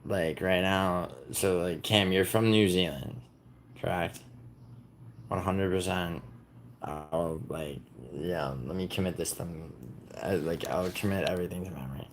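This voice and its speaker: A man's voice: deep voice, fairly even intonation, a little slow, slight background noise. A young man from the United States hosting a casual livestream, rambling and teasing his viewers as he reads comments aloud. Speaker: livestream host.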